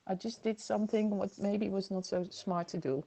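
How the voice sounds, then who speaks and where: A woman's voice: mid-range voice, steady tone, normal speed, creaky, warm tone. A woman hosting a casual livestream from home on her computer, reading viewer comments aloud and laughing often. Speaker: livestream host. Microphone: computer microphone.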